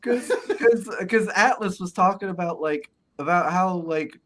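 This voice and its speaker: A man's voice: high voice, a little slow, fairly bright tone, slight background noise. A man hosting a casual podcast chat, telling rambling stories with frequent laughter and profanity. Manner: laughing storyteller, swearing, acting out quoted voices. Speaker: podcast host.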